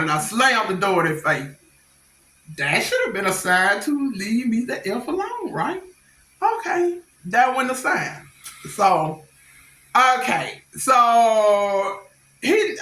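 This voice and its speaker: A middle-aged woman tells stories in a bright, forceful voice. She talks bluntly and animatedly, in slangy speech. The room has a noticeable echo. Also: sits high. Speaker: vlogger. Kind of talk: casual storytelling. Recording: echoey room.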